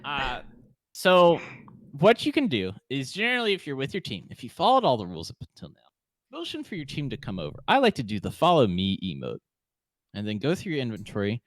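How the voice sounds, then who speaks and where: A man's voice: mid-range voice, wildly swooping pitch, fast, no room sound. A man co-hosting a gaming podcast, chatting casually and joking, with rambling sentences full of fillers. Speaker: podcast co-host. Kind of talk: casual chat.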